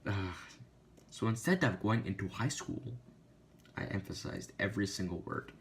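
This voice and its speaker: A man's voice: deep voice, a little fast, creaky. A young man recording an advice video, stumbling over his script and mocking his own mistakes. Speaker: vlogger filming outtakes.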